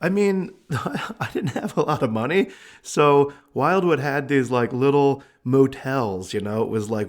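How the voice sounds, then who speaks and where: A man hosting a podcast, telling his own story in a casual, animated way with many fillers. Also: medium pitch. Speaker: podcast host.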